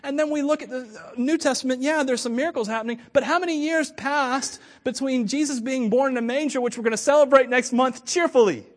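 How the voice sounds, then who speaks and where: A man's voice: very high-pitched, a little fast, hardly any pauses. A man, a pastor, giving a conversational sermon with joking asides.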